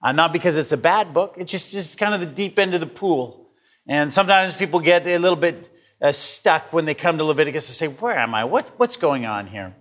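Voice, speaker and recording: A man's voice: fairly high pitch, fairly quick, fairly bright tone. A male pastor giving a sermon in an earnest, conversational way, with frequent fillers and restarts.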